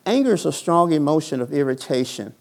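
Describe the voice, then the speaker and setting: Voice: medium pitch, expressive, brisk, creaky, darkish tone. A pastor preaching a sermon in a church, asking repeated questions and drawing call-and-response from the congregation. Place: church sanctuary.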